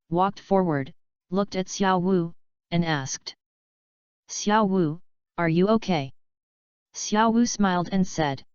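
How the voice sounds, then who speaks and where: Female audiobook narrator, steady reading, very smooth clear voice, dry close sound. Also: fairly low pitch, dry recording. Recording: dull lo-fi recording.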